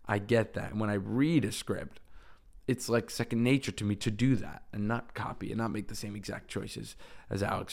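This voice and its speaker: Rambling young man on his podcast. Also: lowish voice. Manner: rambling, self-correcting, upbeat. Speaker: podcast host. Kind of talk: casual solo podcast talk.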